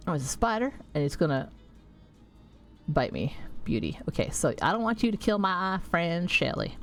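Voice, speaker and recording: A woman streamer talks through her game in a loose, rambling way, swearing freely and laughing at her own jokes. Her voice sits a little low for a woman. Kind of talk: casual chat while playing a game.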